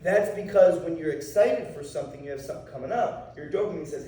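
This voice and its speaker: A martial arts instructor talking casually to a class of students, often checking in with "okay?" and "right?". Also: male voice, fairly high pitch, quick pace, warm tone, a little hiss or hum. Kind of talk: anti-bullying talk to a class. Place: school room with students. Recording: echoey room, mic far off.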